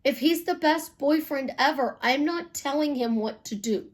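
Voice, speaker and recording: A woman from Chicago, a life coach, telling stories bluntly in an animated, casual monologue with some swearing. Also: sits high, moderate pace.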